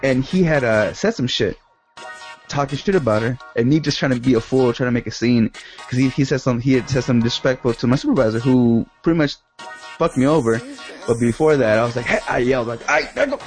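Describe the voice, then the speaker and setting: A man's voice: medium pitch, fast, a little mellow, faint music behind. A man chatting casually, rambling through a profane story and laughing often. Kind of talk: casual chat.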